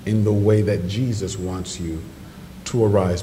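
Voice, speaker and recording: Male preacher in an echoing church hall. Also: moderate pace. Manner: animated storytelling, rising to high excited pitch in quoted voices. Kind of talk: sermon. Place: church sanctuary. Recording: distant microphone in a reverberant church hall with noise.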